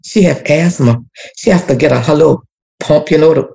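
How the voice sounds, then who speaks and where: A woman's voice: low voice, brisk, creaky, dark tone. A woman telling an emotional personal story as a guest, repeating herself and speaking of prayer. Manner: emotional, repetitive, church-rooted testimony. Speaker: community activist guest.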